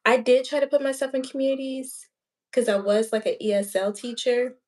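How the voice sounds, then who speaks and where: A woman's voice: a little high, little pitch movement, brisk, darkish tone. A woman hosting a channel, chatting casually in a rambling, thinking-aloud way with many fillers. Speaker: channel host. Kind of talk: casual chat.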